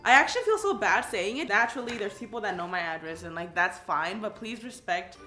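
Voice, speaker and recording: A YouTube crafts creator in her twenties from California reads questions aloud and chats in a bubbly way, peppering her speech with "like" and giggling at her own answers. Her voice is medium-pitched, animated, bright and forceful, a little fast. The room echoes, with soft music in the background.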